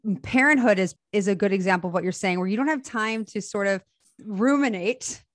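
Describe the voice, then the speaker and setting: A woman's voice: medium pitch, brisk, no room sound, studio quality. A woman in her thirties hosting a podcast, talking casually and enthusiastically in spiritual terms. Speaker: podcast host. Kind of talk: casual conversation.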